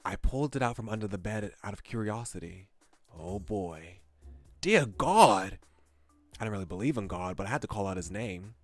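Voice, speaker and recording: A man reading game text aloud as a young male high-school student telling his own story, with lively exclamations. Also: fairly quick, faint music behind, lightly acted.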